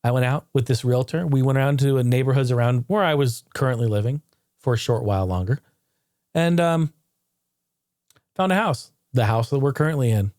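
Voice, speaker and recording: A man speaks bluntly and profanely as he looks back on hard years, circling back and restarting his sentences. His voice is mellow and relaxed, and the recording is close and dry with no room sound. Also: medium pitch, fairly quick, no room sound. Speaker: channel host. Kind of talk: candid personal retrospective monologue. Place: home.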